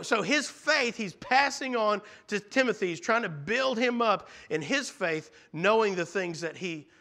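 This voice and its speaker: Male preacher, high bright voice, earnest sermon delivery with restarts. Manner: earnest, with frequent restarts and repeated phrases.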